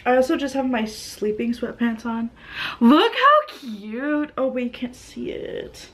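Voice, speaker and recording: A woman's voice: fairly high pitch, little pitch movement, moderate pace, darkish tone. A young woman vlogging casually at home, chatty and self-amused as she sets up and tests a new microphone. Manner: chatty, self-amused, talks to her mic setup. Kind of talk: casual vlog chat. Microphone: new condenser microphone.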